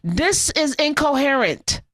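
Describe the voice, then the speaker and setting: A woman's voice: high voice, sing-song, takes it slowly, a bit bright, dry recording. A woman hosting a talk radio show, delivering fiery, sarcastic, scolding commentary into a studio microphone.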